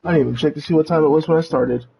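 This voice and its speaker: A man's voice: a little high, racing, creaky, dull audio, slight background noise. A male streamer speaking through a demon robot voice changer, chatting to his viewers as he narrates building in a game, with his mic set back from his face. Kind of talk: live gameplay commentary. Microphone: mic pulled back from face.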